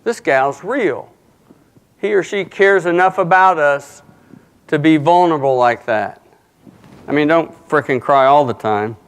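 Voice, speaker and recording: A man's voice: on the high side, measured pace, pauses often, clean tone. Folksy middle-aged man giving a talk. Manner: folksy, joking, acts out little dialogues. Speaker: conference speaker. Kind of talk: motivational talk to an audience. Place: conference hall.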